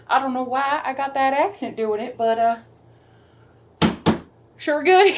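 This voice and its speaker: A woman's voice: fairly high pitch, expressive, slow pace, pauses often, a little hiss or hum. A woman chatting casually in a home vlog, playful and talking to her dog as she sets up her room. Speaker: vlogger. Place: at home, in a room being set up. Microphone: camera.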